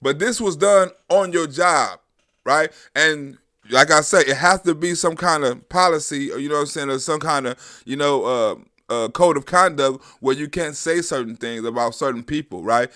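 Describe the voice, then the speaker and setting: Bright-voiced man ranting on his livestream. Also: fairly high pitch, normal speed. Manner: loose and profane, talks to the chat. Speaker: livestream host. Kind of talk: casual livestream commentary.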